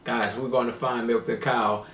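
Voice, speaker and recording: A man's voice: mid-range voice, little pitch movement, normal speed, roomy sound, far from the mic, heavy background noise. A man hosting a reaction video with his partner, playful and laughing often in casual chat.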